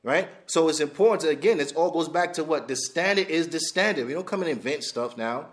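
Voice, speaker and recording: A man teaching a class on hadith, talking bluntly and casually with lively asides, dropping Arabic terms into his English. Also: fairly high pitch, brisk. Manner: animated, blunt street-style talk, laughs, mixes in Arabic terms. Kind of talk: lecture on hadith.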